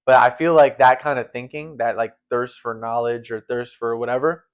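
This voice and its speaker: A man's voice: mid-range voice, normal speed, smooth. Young man in his late teens, earnest, rambling, filler-heavy, dull lo-fi sound. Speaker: guest, former volleyball setter. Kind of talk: casual conversational chat. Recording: dull lo-fi recording.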